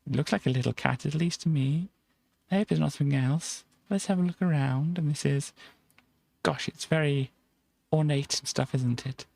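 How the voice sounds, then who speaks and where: Gravelly-voiced man chatting through a game. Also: fairly high pitch, moderate pace, a little mellow. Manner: playful, chatty, drops in silly sound effects. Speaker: streamer. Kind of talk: casual gameplay commentary.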